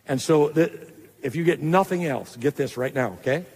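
A male pastor preaching a sermon to a live congregation, getting excited as he goes. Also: fairly high pitch, moderate pace, husky, big-room sound. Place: church hall.

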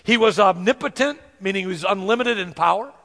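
High-voiced pastor preaching in a big hall, lots of echo, earnest and slow on the verses. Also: male voice, sharp tone. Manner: earnest, slows down to stress scripture. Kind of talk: sermon. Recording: long hall reverb.

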